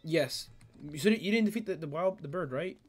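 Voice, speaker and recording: Young guy streaming, slangy and teasing, voice a bit high. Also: expressive, fairly quick, over music. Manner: slangy, teasing, laughs often. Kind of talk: casual gaming chat with a friend.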